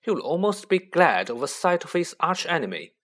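A man reading a storybook aloud as narrator in an expressive way. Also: fairly high pitch, a little fast. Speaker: audiobook reader.

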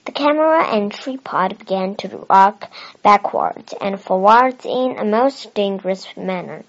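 A woman with a Chinese first language reading a children's novel aloud in a careful, expressive way. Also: medium pitch, unhurried. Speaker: storybook reader. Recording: dull lo-fi recording.

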